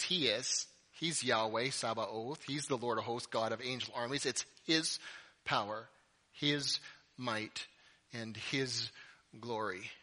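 A male pastor preaching a sermon, animated and jokey with playful asides. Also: medium pitch.

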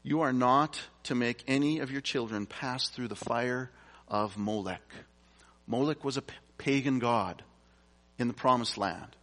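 This sermon comes from a man whose medium-pitched voice sounds a bit bright and moves at a measured pace. He reads scripture aloud and talks through it casually with asides, and the large hall adds a long reverb.

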